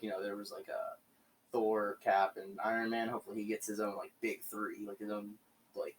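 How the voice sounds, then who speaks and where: Young male host, casual rambling commentary, lowish voice, home mic. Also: recorded from a distance, a little hiss or hum, low-quality recording. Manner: rambling, many fillers and restarts. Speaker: video host. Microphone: home microphone.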